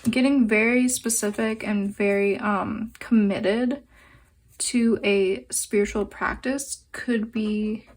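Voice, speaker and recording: A young adult woman giving a pick-a-card tarot reading, speaking gently and meandering with fillers and pauses. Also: medium pitch. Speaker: tarot and oracle card reader.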